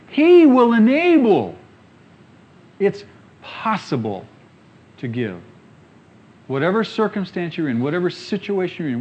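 A male preacher with a rather high voice delivers an emphatic sermon. He sinks into hushed lines and then lifts to strong, loud ones. The recording sounds dull and lo-fi. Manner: emphatic, swinging from quiet to loud. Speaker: pastor.

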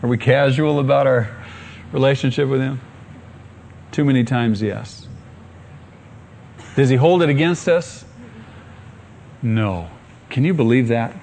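A middle-aged male pastor preaching a sermon, rising to excited calls and asking the congregation questions. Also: mid-range voice, a little slow, vocal fry, pauses often, a little hiss or hum.

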